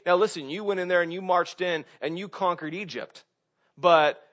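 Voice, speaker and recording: A man preaching a sermon in a conversational way, often asking "right?" and swinging between loud emphasis and hushed asides. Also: a little high, fairly quick, dull audio. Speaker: pastor.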